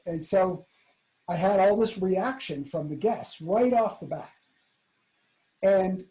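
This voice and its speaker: Man, storyteller, mellow dark voice, lively delivery, hushed quoted lines. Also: sits high, low-quality recording. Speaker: keynote speaker. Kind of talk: storytelling talk.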